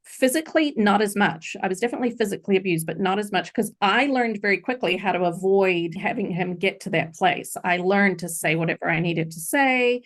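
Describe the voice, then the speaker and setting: Middle-aged woman, podcast guest, earnest and reflective, lowish pitch with some vocal fry. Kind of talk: personal story in a podcast interview.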